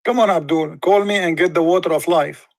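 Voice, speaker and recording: Man hosting a call-in debate, mocking and emphatic, pitched a bit high, dry sound. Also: a little fast, creaky, no room sound. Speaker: online debate host. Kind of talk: live call-in debate talk.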